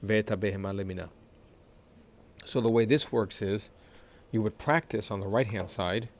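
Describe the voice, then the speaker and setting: A man teaching how to read and stress words, explaining patiently, repeating words slowly, and clearing his throat often after a recent illness. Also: on the low side. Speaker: Hebrew reading teacher. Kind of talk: explanatory lesson, screen-sharing.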